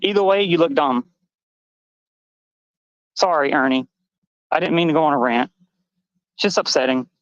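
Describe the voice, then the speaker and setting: A woman's voice: deep voice, moderate pace, long pauses, no echo, highs cut off. A trans woman on a live stream panel, delivering a heated, angry rant full of swearing and accusations.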